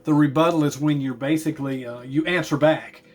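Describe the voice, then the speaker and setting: A man's voice: fairly high pitch, fairly even intonation, fairly quick, a little mellow, slight background noise. A man teaching a class, talking in a tired, chatty way with asides about yawning. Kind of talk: classroom lecture.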